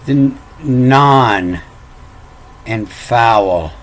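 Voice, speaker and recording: Slow, halting man spelling out letters. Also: mid-range voice, a little hiss or hum. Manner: halting, repeats words, spells out letters one by one. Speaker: self-taught lecturer. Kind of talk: unscripted explanation of ancient letters.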